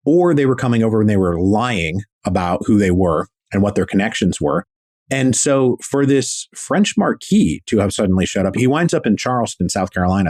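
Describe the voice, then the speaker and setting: Lively low-voiced man telling history. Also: no echo. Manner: enthusiastic, slangy, acts out quotes. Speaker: guest historian. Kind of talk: casual storytelling interview.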